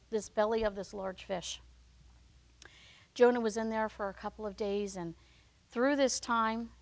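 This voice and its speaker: A woman hosting a devotional podcast, teaching in a conversational storytelling way and acting out the people in the story. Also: mid-range voice.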